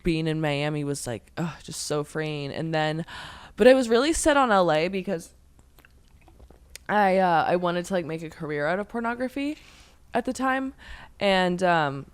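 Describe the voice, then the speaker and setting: Chatty young woman, smooth dry voice. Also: fairly low pitch, lively intonation, normal speed, dry recording. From Pennsylvania, USA. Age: 20s. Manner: rambling, chatty storytelling full of "like". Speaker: podcast guest. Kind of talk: casual podcast chat.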